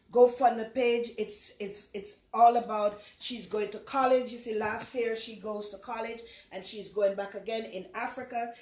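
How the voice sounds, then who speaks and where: Slightly high and a little mellow, the voice belongs to an older woman with a Jamaican accent who hosts a casual, chatty home cooking vlog full of warm rambling. It's recorded in an echoey kitchen.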